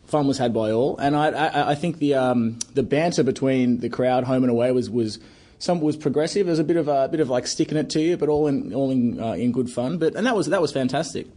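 An Australian man co-hosts a casual podcast in a husky voice. He tells a long story with playful mock outrage, refers to himself in the third person, and restarts his sentences often. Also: mid-range voice, a little fast, mellow. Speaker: podcast co-host.

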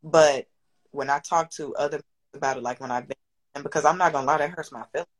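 A woman's voice: deep voice, quick pace, slightly rough, low-quality recording. A woman in her thirties, a business owner and single mother, talking candidly and at length as a guest, swearing freely and getting emotional. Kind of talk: candid podcast conversation.

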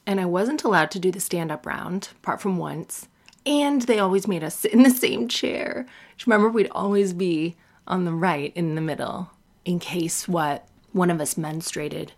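Blunt, profane woman comedian, low voice. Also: moderate pace. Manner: blunt and profane, mocking men in exaggerated voices. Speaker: stand-up comedian.

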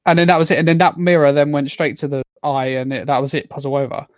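Male co-host, easygoing explainer, slightly high voice, dry home mic. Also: level tone, fast, dry recording. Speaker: podcast co-host. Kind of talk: casual gaming chat. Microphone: own microphone on a remote call.

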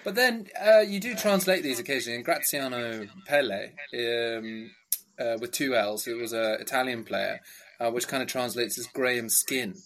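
An Englishman, co-hosting a podcast in casual chat, relaxed and wry. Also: mid-range voice, moderate pace, a little hiss or hum. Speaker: podcast co-host. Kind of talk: casual chat reviewing a quiz show.

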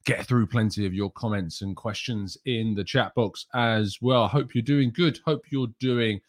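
A man's voice: lowish voice, a little slow. A man hosting a casual football podcast livestream, chatting away and reading out viewers' names and messages. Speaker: podcast host.

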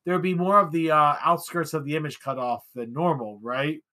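A man co-hosting a podcast, chatting casually about an old film, often restarting sentences with sudden lifts in emphasis. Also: fairly quick. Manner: animated, restarts a lot, pitch jumps for emphasis. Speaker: podcast co-host.

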